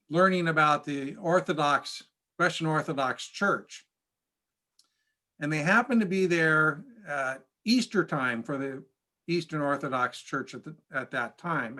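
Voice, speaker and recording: A man, a pastor, telling stories in a casual church class, chatty and halting with frequent restarts. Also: a little high, bright, forceful tone. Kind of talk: casual storytelling lesson.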